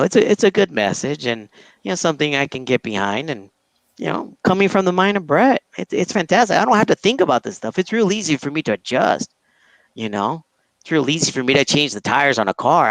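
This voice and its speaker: A man from Brooklyn talks casually on a podcast about his comic art, jokey and quick to laugh, often restarting his sentences. His voice is gravelly with a lively, swinging pitch. The sound is dry and close. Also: no room sound, low-quality recording. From Brooklyn, New York.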